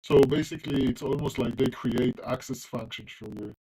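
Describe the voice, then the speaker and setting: Chatty streamer, non-native accent. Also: male voice, medium pitch, fairly even intonation, normal speed, dark tone, breathy edge, low-quality recording. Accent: non-native English accent, closer to American. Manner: loose and chatty, many ums and restarts. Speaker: coding livestreamer. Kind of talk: casual livestream chat while coding.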